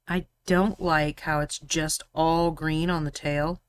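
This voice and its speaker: Woman streamer painting minis, chatty and teasing, lowish voice, dry close sound. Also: flat delivery, takes it slowly, smooth, no echo. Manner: chatty, teasing, laughs often. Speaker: host painting miniatures on a live stream. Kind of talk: casual chat while painting.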